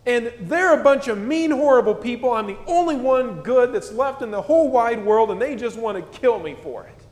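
A man's voice: very high-pitched, animated, moderate pace, darkish tone, big-room sound, pitched above the performer's own voice. A man reading the prophet Elijah's complaint in a whining, toddler-like voice during a sermon. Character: Elijah as a whiny, self-pitying grown man.

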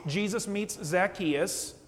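A man preaching a sermon as pastor, animated and conversational, often checking in with "okay?". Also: high-pitched, takes it slowly. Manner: animated preaching, acts out quotes, asks "okay?". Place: church sanctuary. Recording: long church reverb.

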